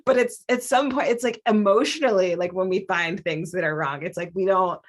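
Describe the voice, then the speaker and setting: A woman's voice: mid-range voice, a little fast. A woman hosting a podcast, chatting casually in a rambling, self-deprecating way, laughing often and using "like" a lot. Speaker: podcast host.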